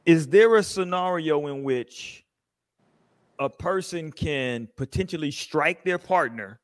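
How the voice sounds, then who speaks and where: A man hosting a podcast, asking the panel questions and reading from the chat in a relaxed, slangy, joking way. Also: on the high side, takes it slowly, dry recording. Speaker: podcast host. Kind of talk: casual chat.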